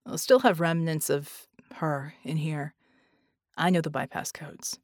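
Woman doing a big calm guy, low quiet voice, even. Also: unhurried, no echo, studio quality. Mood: steady.

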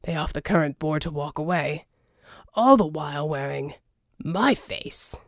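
A woman voicing a crude, blunt male mercenary in a lowered voice for an audiobook. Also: lively intonation, a little slow, no room sound, studio quality. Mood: sardonic.

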